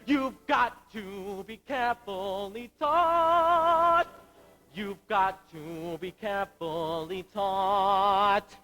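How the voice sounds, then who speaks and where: A teenage boy playing a troubled, earnest young Marine lieutenant in a school stage musical. His voice is high for a man and his delivery unhurried. He speaks in anguished, searching lines and sings a slow ballad. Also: expressive, bright, forceful tone, faint music behind, heavily acted, rough recording. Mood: singing. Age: late teens. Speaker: student actor in a school musical. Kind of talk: amateur stage musical acting and singing.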